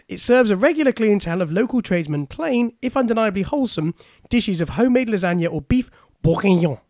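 A man's voice: sits high, lively intonation, fairly quick, darkish tone, no echo, studio quality. A man co-hosting a podcast, reading out news stories with chuckling asides. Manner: reads items out, chuckling asides. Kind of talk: casual chat, reading news aloud.

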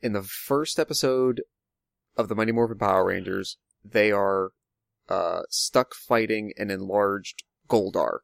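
A man's voice: lowish voice, a little slow, creaky, no room sound, clean studio sound. A man discussing a movie in casual chat, rambling and thinking aloud with lots of fillers.

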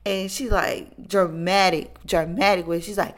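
A woman podcast host casually telling a story from her school days, acting out her friends' lines with lively quoted dialogue. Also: medium pitch, unhurried.

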